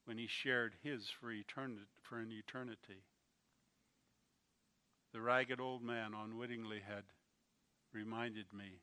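A man preaching a sermon, telling a story slowly and with feeling, his volume rising and falling. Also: on the low side, fairly even intonation, smooth. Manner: slow, emotional storytelling with swings in loudness.

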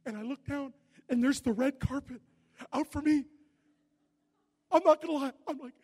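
A man preaching a sermon, telling stories with lively, animated delivery that rises to shouts at the high points. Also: a little fast. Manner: animated storytelling, shouting at peaks. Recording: echoey hall with long reverb.

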